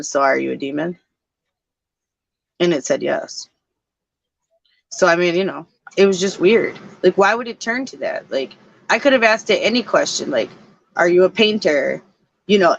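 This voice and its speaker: A woman co-host chats casually, winding through her story with plenty of "like" and "I was like." Her voice sits at a middle pitch and sounds a little dull and lo-fi. The sound is dry, with almost no room echo. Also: creaky, fairly bright tone. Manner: rambling storytelling, many fillers. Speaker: podcast co-host. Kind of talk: casual chat.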